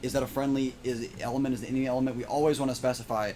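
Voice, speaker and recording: Young male co-host, mid-pitched, very quick emphatic delivery, faint music bed. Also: flat delivery, darkish tone, a little hiss or hum. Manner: quick, emphatic explaining with repeats. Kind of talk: casual instructional chat.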